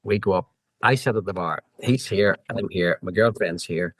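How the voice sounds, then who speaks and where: A middle-aged man with a Northern Irish accent, a podcast guest telling animated anecdotes full of quoted back-and-forth dialogue. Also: sits low, moderate pace, husky, no room sound. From Northern Ireland. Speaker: guest, former road racer. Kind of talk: storytelling in a podcast interview.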